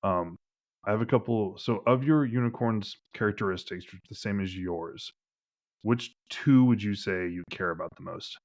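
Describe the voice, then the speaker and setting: Deep-voiced male game master, loose and rambling, lots of "like" fillers. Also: normal speed. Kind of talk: narrating a tabletop game.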